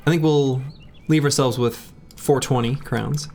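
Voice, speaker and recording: A man's voice: medium pitch, steady tone, measured pace, darkish tone. A man casually commenting on his game as he plays, thinking aloud and chatting with his viewers. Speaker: game streamer.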